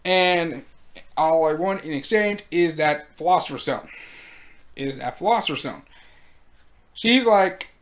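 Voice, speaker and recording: A host giving casual video commentary in a slangy, animated way, laughing often. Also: mid-range voice, a little slow, long pauses.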